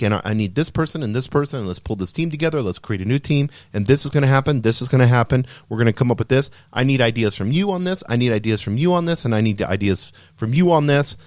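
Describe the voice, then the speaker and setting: A man hosting a podcast, speaking in an energetic, emphatic motivational style full of rhetorical questions. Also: medium pitch, dry recording, clean studio sound. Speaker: podcast host. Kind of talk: motivational solo talk.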